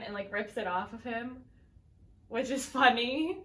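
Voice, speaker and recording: With a fairly bright, animated, higher-pitched voice, a young woman moves at a measured pace while co-hosting a casual chat. She summarizes a sitcom episode and imitates the characters in put-on voices. The audio is distant and echoey, with faint noise.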